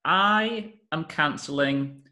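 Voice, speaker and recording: Lively young man chatting. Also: on the high side, slow, very noisy. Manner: lively, jokey storytelling with playful put-on voices. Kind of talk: casual chat.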